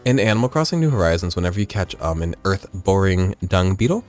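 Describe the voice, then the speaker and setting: A man's voice: low voice, very animated, quick pace, darkish tone, soft background music. A man hosting a gaming video, rambling in casual chat and swearing freely. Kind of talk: casual let's-play chat.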